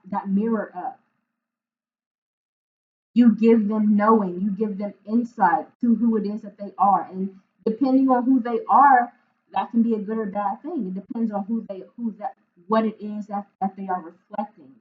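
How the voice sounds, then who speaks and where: An earnest woman talks through a tarot reading at a middling pitch, often stopping to find her words and checking in with "right?". Her voice comes through thin and narrow, like a phone line. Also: fairly even intonation, normal speed. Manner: emotional, searching for words. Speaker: intuitive tarot reader.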